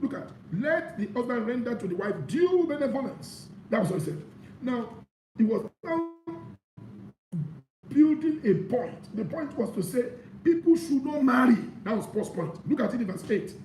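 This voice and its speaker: A man preaching a sermon, reading scripture aloud and explaining it with animated emphasis. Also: very high-pitched, moderate pace, far from the mic, a little hiss or hum. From Nigeria. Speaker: pastor. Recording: echoey room.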